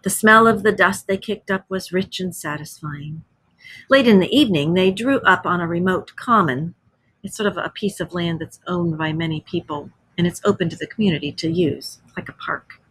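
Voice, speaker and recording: A woman's voice: lowish voice, a bit bright, slightly rough. A woman teacher reading a story aloud to children, stopping to explain words.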